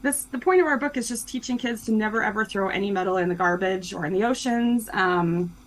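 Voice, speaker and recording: A woman's voice: mid-range voice, fairly quick, slight background noise, rough recording. A young woman being interviewed about her children's book, talking casually and cheerfully with lots of "um" and "like". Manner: chatty and upbeat, many fillers like "um" and "like". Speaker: guest, children's book co-author.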